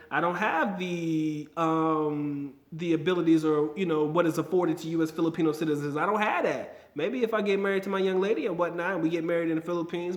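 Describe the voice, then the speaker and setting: A man vlogging casually to camera, slangy and emphatic, repeating his points for effect. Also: fairly high pitch. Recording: roomy echo.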